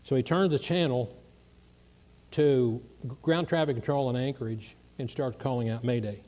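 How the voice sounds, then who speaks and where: A man preaching to a congregation at a middle pitch, telling a long story with lively energy. He acts out the voices of the people in the story as he goes. The delivery is that of a sermon, not a reading. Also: normal speed.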